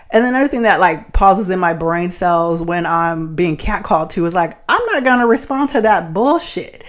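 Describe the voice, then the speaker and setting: A woman from the Bay Area hosting a podcast, telling a story in a blunt, profane, animated way and laughing often. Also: medium pitch. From San Francisco Bay Area. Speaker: podcast host. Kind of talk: casual storytelling monologue.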